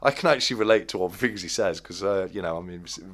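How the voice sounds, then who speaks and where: A man's voice: low-pitched, quick pace, a bit bright. A man from the East Midlands of England with a slightly northern accent, hosting a casual chat, chatty and laughing, often stumbling and restarting. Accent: East Midlands English with a northern touch. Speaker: host.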